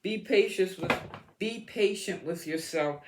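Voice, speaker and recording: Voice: medium pitch, a little slow, noisy background. A tarot reader giving an astrology reading to the viewer, encouraging and repeating words as the cards come up.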